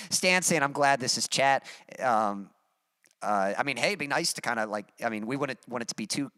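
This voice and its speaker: A man from Texas with a mild Texas accent, a musician chatting casually on a livestream and reading out his chat, relaxed and rambling with many fillers. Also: medium pitch, normal speed, no room sound, clean studio sound. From Texas, USA.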